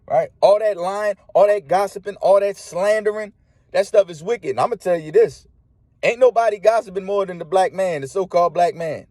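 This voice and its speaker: A man delivers a sermon in a fairly high voice, talking in a blunt, everyday way. He keeps asking "right?" to pull his listeners along, and his voice sounds close and dry, with almost no room around it. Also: moderate pace, dark tone, dry recording. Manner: preachy, emphatic, frequent "right?" check-ins; colloquial street-flavored speech. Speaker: preacher.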